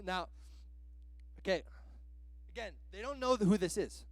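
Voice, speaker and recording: A man's voice: high voice, a little slow, long pauses, dry recording. A man preaching a sermon as a guest pastor, in a casual, slangy way that is full of "like" fillers.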